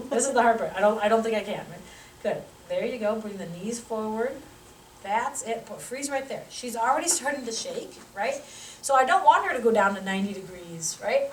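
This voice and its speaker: A woman, a physical therapy instructor, teaching a live demonstration and coaching a volunteer through an exercise with quick cues and encouragement. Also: fairly high pitch, slight background noise. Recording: roomy sound from a distant mic.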